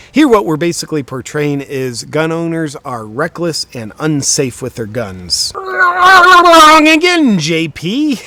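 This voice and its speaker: A young man hosting a video, delivering a sarcastic comedic monologue in a deadpan, mock-serious way. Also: fairly high pitch. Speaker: video host.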